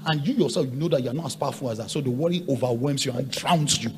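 A pastor preaches a sermon in a fast, mid-range voice, swinging between quiet asides and loud, shouted points. He hammers away at repeated rhetorical questions.

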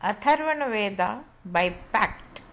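A woman reading scripture aloud, measured and deliberate, pausing over long lists of sacred syllables. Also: medium pitch, animated, fairly bright tone, rough recording. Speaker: scripture reader. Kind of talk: slow scripted recitation of scripture.

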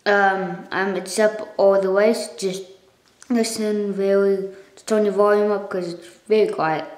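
A woman's voice: mid-range voice, steady tone, a little slow, darkish tone, echoey room. A woman vlogging casually to her viewers, rambling and correcting herself as she goes, recorded on a phone. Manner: rambling, self-correcting, coughs and clears throat. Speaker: channel owner. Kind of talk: casual thank-you vlog.

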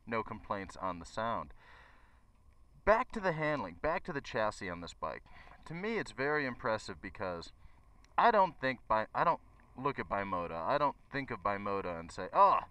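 A man's voice: lowish voice, big pitch swings, normal speed, sharp tone. A man who runs a motorcycle shop, giving a chatty, enthusiastic bike review to his viewers. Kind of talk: casual bike review vlog.

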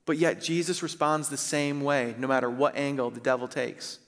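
A male pastor preaching a sermon, slow and emphatic, stressing key phrases. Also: mid-range voice, flat delivery, big-room sound. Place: church sanctuary.

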